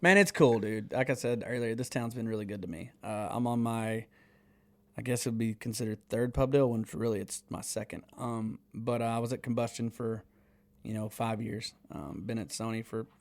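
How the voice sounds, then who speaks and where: He's a man in his thirties from Texas, a songwriter guest on a casual podcast. He tells stories in an animated way, swears freely and acts out what other people said. His voice sits at an ordinary middle pitch for a man. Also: moderate pace.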